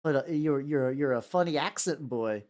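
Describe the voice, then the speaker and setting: Swooning, breathy admirer, put on by a man, slow and gushing. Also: on the high side, a little mellow, lightly acted.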